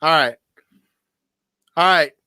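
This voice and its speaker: High, bright-voiced excitable man. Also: takes it slowly, smooth, dry recording. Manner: excitable, laughs often, swears freely. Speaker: podcast co-host. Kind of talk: casual chat.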